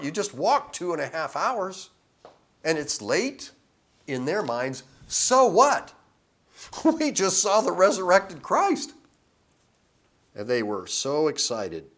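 A man giving informal Bible teaching, reading scripture slowly with emphasis, then chatting and chuckling between verses. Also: a little high, a bit bright.

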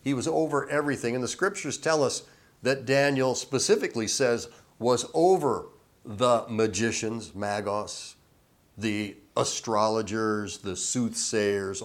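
A man preaching a sermon, teaching slowly and deliberately with emphatic rises on key words. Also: mid-range voice. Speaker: pastor.

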